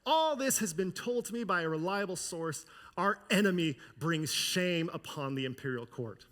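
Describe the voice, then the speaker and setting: A man's voice: high-pitched, sing-song, slow pace, in a large hall, full character voice. A man reading a brave queen's formal plea. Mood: pleading. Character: brave queen pleading before her king.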